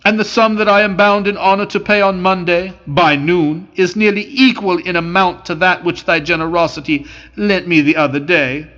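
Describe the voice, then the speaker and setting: A man's voice: high voice, steady tone, normal speed, fairly bright tone, dull audio. A man reading aloud voices a young marquis in debt from gambling, brooding and impatient. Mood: despairing.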